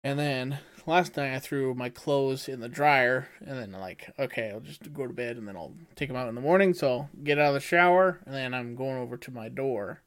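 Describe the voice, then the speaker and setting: A man's voice: mid-range voice, normal speed, few pauses, fairly bright tone. A man co-hosting a podcast, telling a story in casual chat, swearing freely and acting out what he said. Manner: swears freely, acts out his own past lines. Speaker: podcast co-host.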